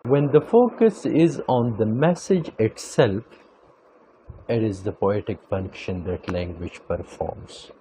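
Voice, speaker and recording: A man giving an academic lecture, speaking deliberately and repeating key phrases for emphasis. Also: lowish voice, lively intonation, mellow, a little hiss or hum, poor audio.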